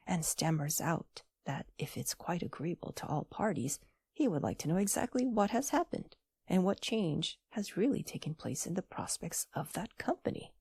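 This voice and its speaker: A low, husky woman's voice narrates a classic tale in soft whispery audiobook style. Her tone is gentle and hushed with creaky, breathy edges. The sound is dry and close. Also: no room sound.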